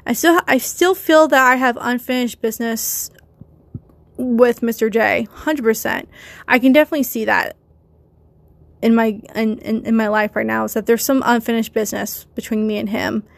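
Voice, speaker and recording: A person with a feminine voice hosting a confessional solo podcast, talking haltingly with many restarts and addressing listeners directly. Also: female voice, a little high, gravelly, dry recording. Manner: conflicted, rambling, talks to listeners. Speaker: podcast host.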